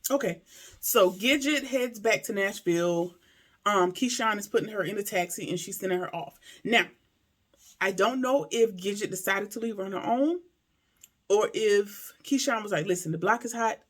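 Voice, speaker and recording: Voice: mid-range voice, moderate pace, a bit bright. A TV episode reviewer giving a casual recap and commentary, emphatic and talking straight to viewers with rhetorical questions.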